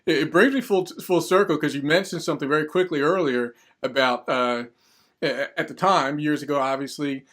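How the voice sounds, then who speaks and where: A man's voice: fairly high pitch, steady tone, fairly quick, a bit bright. Affirming, stammering male interviewer. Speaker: podcast host.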